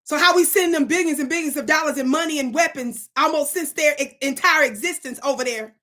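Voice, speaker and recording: A woman's voice: high voice, fairly quick, fairly bright tone. A woman hosting her own online show, talking to her live chat in an emphatic, preacher-like way and scolding commenters.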